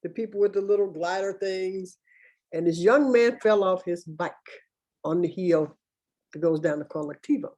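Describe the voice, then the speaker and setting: A woman's voice: on the low side, moderate pace, warm tone. A woman sharing an anecdote on a video call, with dry, sarcastic asides. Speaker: participant in a discussion. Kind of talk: casual chat on a video call.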